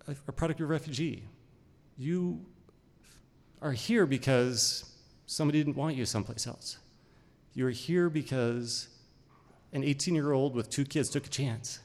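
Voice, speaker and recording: A middle-aged man from Idaho tells a story from his own life on a stage, speaking at an ordinary pitch in short phrases broken by pauses. His voice carries a long reverb from a large hall around him. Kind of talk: live personal storytelling.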